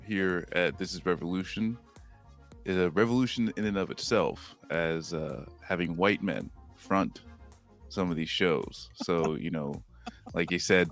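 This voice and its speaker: A man co-hosting a podcast, chatting in a relaxed way with lots of fillers. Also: sits low. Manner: relaxed, filler-heavy, laid-back. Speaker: podcast co-host. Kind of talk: casual podcast chat.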